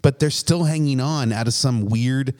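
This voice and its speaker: A man's voice: medium pitch, moderate pace, a little mellow. A man co-hosting a casual political chat, blunt and swearing freely. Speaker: podcast co-host.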